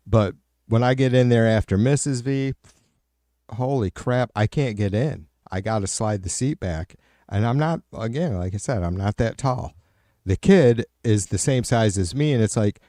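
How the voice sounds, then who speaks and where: A man's voice: medium pitch, lively intonation, measured pace, warm tone, dry recording, clean studio sound. A middle-aged man hosting a livestream, chatting casually with viewers and answering their comments aloud in a profane, rambling way. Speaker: livestream host.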